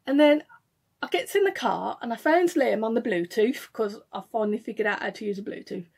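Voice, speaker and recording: A woman with a Birmingham accent telling a story to camera in an indignant, animated way, acting out what was said. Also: a little high, a little fast, gravelly, slightly rough. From England. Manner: indignant, animated retelling with acted quotes. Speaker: vlogger.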